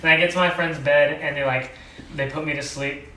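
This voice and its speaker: Rambling young man, bright voice. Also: a little high, fairly even intonation, a little fast. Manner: rambling, laughing through the story, swearing. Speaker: podcast co-host. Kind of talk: casual chat, drunk story. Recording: echoey room, mic at a distance, faint background noise.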